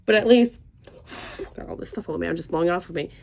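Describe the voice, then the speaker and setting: This beauty vlogger, a young woman from Florida, has a fairly low voice with vocal fry and talks very fast. During her makeup tutorial she rambles and exclaims casually and animatedly, sinking to murmurs whenever she applies product.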